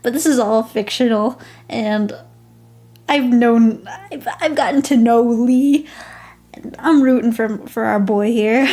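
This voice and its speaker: A young woman streaming live, chatting casually and gushing, often dropping into soft whispers. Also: a little high, slow pace, long pauses.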